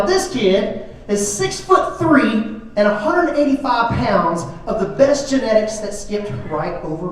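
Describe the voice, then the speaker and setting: A middle-aged man doing a self-deprecating stand-up comedy routine on a club stage, with a dry delivery. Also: high voice. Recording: echoey club from far off.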